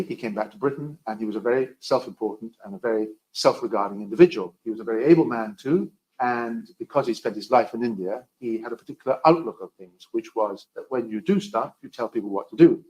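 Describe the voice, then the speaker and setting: A man giving a storytelling history lecture, with dry, wry asides that swing between loud emphasis and quiet remarks. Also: mid-range voice, lively intonation, quick pace, poor audio.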